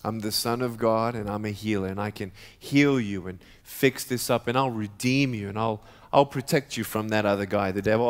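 A man voicing a kind, gentle savior figure who speaks softly and reassuringly, in a story told during a sermon. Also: fairly low pitch, pitched below the performer's own voice, lightly acted. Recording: reverberant church hall.

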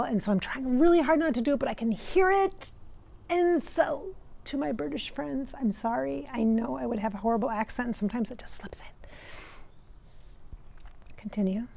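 An American woman working as a spiritual medium, relaying messages in a channeling session in a halting way, searching for words. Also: on the high side, gravelly, darkish tone. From United States.

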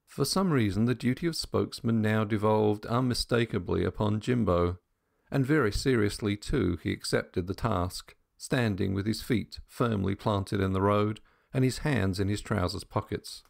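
A man reading an audiobook in a measured storytelling manner. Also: fairly low pitch, vocal fry. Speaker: audiobook narrator. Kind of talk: scripted narration.

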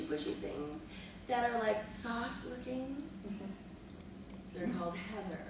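A woman in her fifties, an actress on a panel, telling behind-the-scenes stories in a lively, dramatic way, laughing and swearing freely. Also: sits high, normal speed. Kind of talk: animated anecdotal storytelling. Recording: echoey room, mic far off, noisy.

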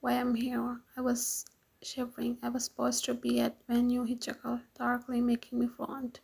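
A woman reads a romance story in whispered role-play. Her voice is gravelly and very breathy, with a slightly high pitch and a flat, even melody. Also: moderate pace, poor audio. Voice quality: breathy, hushed. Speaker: fan fiction reader.

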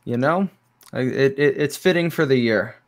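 A man guesting on an interview over a video call, explaining his game in a relaxed, easygoing way. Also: medium pitch, moderate pace. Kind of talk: casual interview chat.

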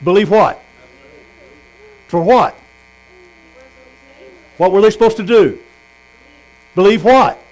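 Fairly high-voiced preacher man. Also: expressive, takes it slowly, pauses often, poor audio. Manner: storytelling, asks the congregation questions. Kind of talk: sermon. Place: tent meeting.

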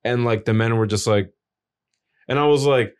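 A man's voice: medium pitch, normal speed, clear, resonant tone. Profane, rambling young man. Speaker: podcast co-host. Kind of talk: casual chat.

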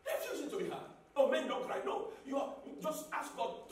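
A man preaching a sermon as a pastor, repeating phrases and building up to shouts. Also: very high voice, huge pitch swings, brisk. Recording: echoey hall, mic at a distance.

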